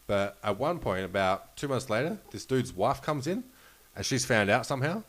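A man's voice: mid-range voice, sing-song, normal speed, a bit bright. A man with an Australian accent telling gambling stories on a podcast, in a rambling, profane way with many restarts. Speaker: podcast host and storyteller. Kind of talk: casual storytelling chat.

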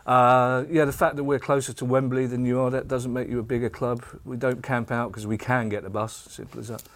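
A middle-aged man with a South London accent delivers a dry, mock-boastful comic argument. His voice sits at an ordinary mid pitch for a man and has a panel-show feel. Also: little pitch movement, brisk. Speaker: comedian panellist.

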